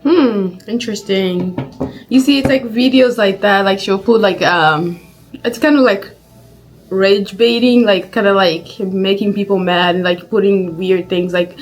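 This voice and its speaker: A woman talks casually over clips she is watching, rambling and full of fillers. Her pitch sits in the middle, and faint music runs underneath. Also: moderate pace, low-quality recording. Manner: chatty, rambling, many fillers. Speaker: reaction video host. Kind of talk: casual reaction commentary.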